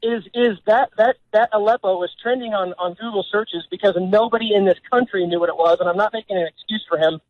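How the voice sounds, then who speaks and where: A man's voice: sits high, quick pace, hardly any pauses, dry recording, phone-quality sound. A man calling into a radio talk show, arguing his point earnestly and stumbling through restarts. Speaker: caller. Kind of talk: radio call-in.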